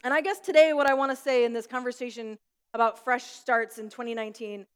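A woman pastor preaching in a hall that leaves a long tail of reverb behind each phrase. Her voice sits a little high, and she tells stories with easy laughter in between. She sounds like a young adult. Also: steady tone, fast talker, clean tone. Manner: warm storytelling with light laughs. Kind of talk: sermon with prayer. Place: school room used for church.

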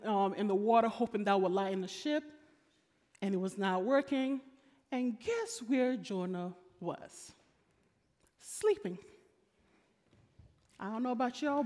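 A woman pastor preaching a sermon in an animated, humorous, colloquial storytelling style. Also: mid-range voice. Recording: long reverb of a large hall.

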